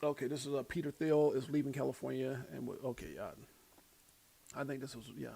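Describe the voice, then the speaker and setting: Husky-voiced middle-aged man hosting a stream. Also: mid-range voice, steady tone, brisk, mellow. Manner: rambling, reads posts aloud, frequent chuckles. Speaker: crypto livestream host. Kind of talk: casual livestream commentary.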